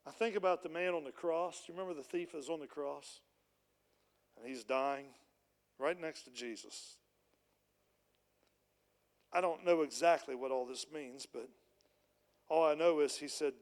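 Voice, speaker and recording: A man's voice: fairly high pitch, a little slow, pauses often, in a large hall. A man preaching a sermon as a pastor, retelling a parable in plain, conversational storytelling. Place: church.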